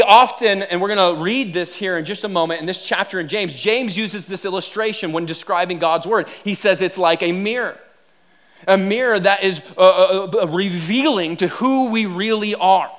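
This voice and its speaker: A man with a higher-than-usual voice, preaching to his congregation. He tells comic, self-deprecating stories with animated energy before turning to a serious point. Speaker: pastor. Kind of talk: sermon.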